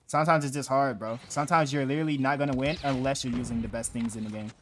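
A young man livestreaming a shooter game, talking to his chat in loose slangy banter that swings from mumbles to yells. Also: medium pitch, fairly even intonation, fast, a little hiss or hum. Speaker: streamer. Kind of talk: casual gaming livestream chat.

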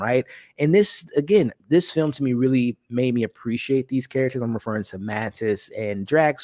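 Chatty male movie reviewer, dry sound. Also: dry recording. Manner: animated, conversational, acts out quoted lines in higher voices. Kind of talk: casual spoiler review talk.

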